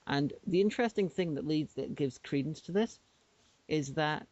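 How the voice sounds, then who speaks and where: A man's voice: a little high, normal speed, darkish tone, dry recording. A man co-hosting a podcast, explaining things in a rambling casual way with many restarts. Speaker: podcast co-host. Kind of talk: casual chat. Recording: dull lo-fi podcast audio.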